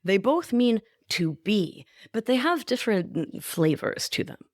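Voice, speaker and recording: A woman, a native Spanish speaker, hosting a coaching podcast in a gentle, deliberate monologue that slows for emphasis. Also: medium pitch, sing-song, dry recording, clean studio sound. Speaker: podcast host, life coach.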